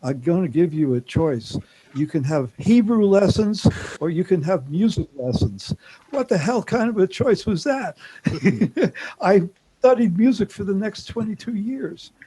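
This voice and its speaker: A man's voice: high voice, lively intonation, a little slow, mellow, breathy edge, low-quality recording. A man from New York with a New York accent, a guest talking in a chatty, reflective, self-deprecating way. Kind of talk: casual chat on a call-in show.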